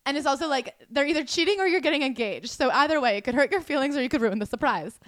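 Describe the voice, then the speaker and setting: A woman co-hosting a chatty podcast, talking at a quick clip with a jokey, animated manner. Her voice sits mid-range, and the recording is close and dry with no room sound. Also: high voice, no room sound. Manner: fast, animated, jokey, reads quotes aloud. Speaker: podcast co-host. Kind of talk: casual chat.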